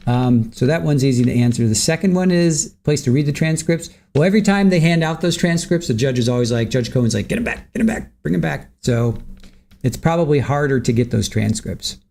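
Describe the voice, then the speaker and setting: A man with a mellow, medium-pitched voice hosts a livestream. He greets chat viewers by name and makes casual conversation while waiting for court to begin.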